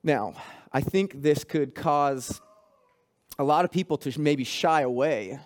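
Speaking slowly in a slightly high voice, a man preaches to his church as its pastor. He builds in intensity and calls out to the congregation.

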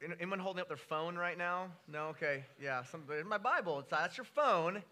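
A man in his thirties preaching a sermon, telling a story with animated, rising delivery. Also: fairly quick. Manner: animated storytelling, pitch jumping when excited. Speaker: pastor.

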